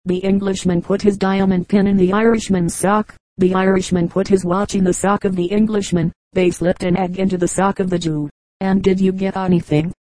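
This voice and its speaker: A woman narrating an audiobook in a measured, orotund reading style. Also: medium pitch, flat delivery, dark tone, no echo, low-quality recording. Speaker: audiobook reader.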